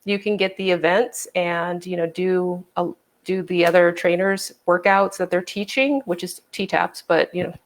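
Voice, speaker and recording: A woman's voice: lowish voice, flat delivery, normal speed. A woman fitness trainer co-hosting a casual livestream, explaining things and quoting past conversations.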